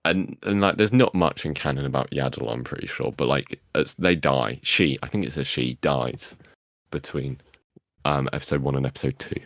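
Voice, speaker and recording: Young man, podcast co-host, extremely deep voice, dry close recording, wry casual chat. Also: normal speed, no echo.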